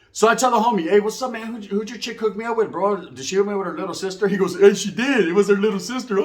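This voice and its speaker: A man spins a prison yarn in casual street slang. He acts out both sides of each exchange and keeps checking in with "you know what I mean". His voice sits high for a man. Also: fairly bright tone. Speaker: storyteller recounting prison life. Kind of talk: casual storytelling.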